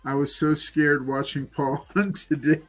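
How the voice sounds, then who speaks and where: Man, casual stream host, slightly high voice, faint music underneath. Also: level tone, a little slow. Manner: loose, joking, many fillers. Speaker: livestream host running giveaways. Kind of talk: casual chat.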